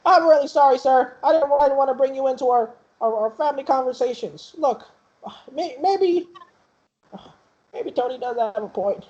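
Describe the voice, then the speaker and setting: A woman's voice: high-pitched, a little mellow, dull audio, close to an everyday voice. A woman voicing a frightened, grieving young soldier who stammers and halts. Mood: scared. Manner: halting, stammering, fearful.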